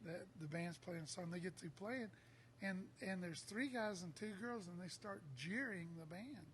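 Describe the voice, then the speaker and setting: Lively older Texan man telling a story. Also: high voice, moderate pace, slight background noise. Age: 60s. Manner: lively storyteller acting out quotes. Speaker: songwriter guest. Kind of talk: casual storytelling.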